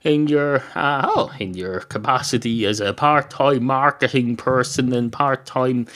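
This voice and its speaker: A man's voice: mid-range voice, unhurried, a bit bright, natural voice. A man voicing a cheeky, grumpy pub barman who talks bluntly and sardonically. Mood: dry.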